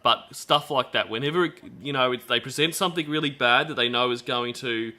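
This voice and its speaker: The stream host, a man with an Australian accent, speaks a little fast in a pushed, bright, mid-range voice. His casual commentary chat is self-deprecating and full of restarts.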